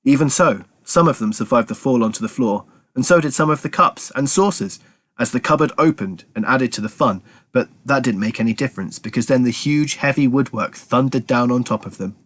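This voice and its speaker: A man reading a children's story aloud in a lively, expressive way. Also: medium pitch, a little fast.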